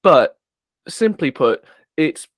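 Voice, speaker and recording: A man's voice: fairly high pitch, sing-song, slow pace, dry recording, muffled recording. A man co-hosting a casual political podcast, rambling and searching for words with frequent restarts. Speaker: podcast co-host.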